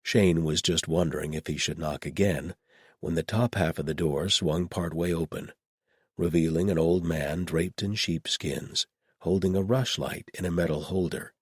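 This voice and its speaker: A man narrating an audiobook in even, measured storytelling. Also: low voice, breathy edge, no room sound, studio quality.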